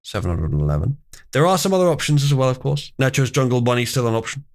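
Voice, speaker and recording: Male stream host, young adult, mid-range voice with lively pitch swings, wry and theatrical while reading chat. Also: fast talker. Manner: wry, mock-outraged, reads memes aloud with theatrical emphasis. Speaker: livestream host. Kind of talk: casual live-stream commentary reading chat.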